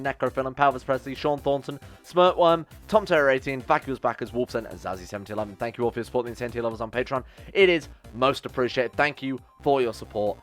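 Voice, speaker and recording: A game streamer gives let's play commentary on a strategy game, exasperated and swearing, swinging between loud outbursts and low grumbles.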